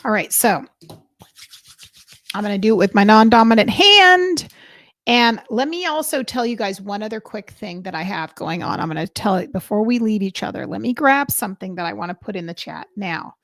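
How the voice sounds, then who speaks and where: Chatty, excitable woman live-streaming. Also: mid-range voice, normal speed, no echo, studio quality. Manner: chatty and excitable, reading out viewer names. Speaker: psychic reader hosting a live stream. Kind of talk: casual live-stream chat with viewers.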